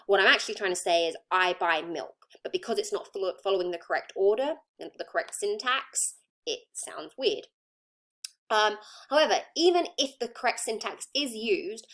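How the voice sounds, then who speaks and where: English woman giving a patient lecture. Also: mid-range voice. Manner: explains patiently with many ums and examples. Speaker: psychology lecturer. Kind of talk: recorded lecture.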